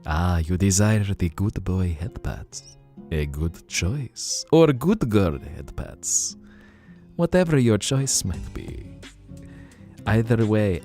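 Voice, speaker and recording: A male desert dragon merchant put on by a man, speaking low and slow in a hushed, tempting murmur. His pitch still swoops and rolls as he dangles treasures before the listener. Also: heavily acted.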